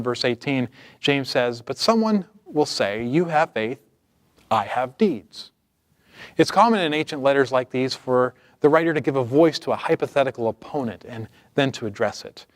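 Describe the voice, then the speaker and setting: Male pastor, mid pitch, measured sermon delivery, dry close-miked sound. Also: no echo. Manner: measured preaching, reading scripture aloud.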